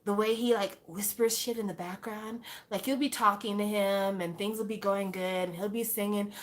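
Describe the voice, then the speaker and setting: A young woman talking casually to camera as a fan, animated and exclaiming, full of rhetorical questions. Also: medium pitch, normal speed. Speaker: fan vlogger.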